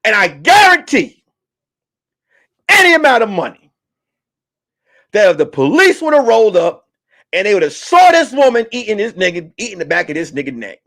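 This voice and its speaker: A man hosting a comedy talk stream, ranting loudly and profanely about the news. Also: high-pitched, normal speed, pauses often. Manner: loud, animated, profane ranting. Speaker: comedian host. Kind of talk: comedic commentary.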